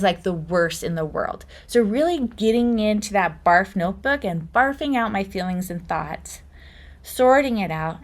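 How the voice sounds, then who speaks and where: A middle-aged woman hosting a podcast, telling stories in a chatty, casual way and laughing often. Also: medium pitch. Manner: chatty storytelling with frequent laughter. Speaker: podcast host.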